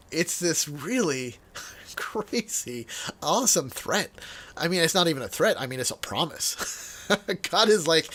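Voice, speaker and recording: A man's voice: fairly high pitch, big pitch swings. Chatty man leading a Bible study. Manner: chatty, laughs often, repeats words while thinking; reads scripture aloud in a measured, quieter tone. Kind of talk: casual Bible study teaching.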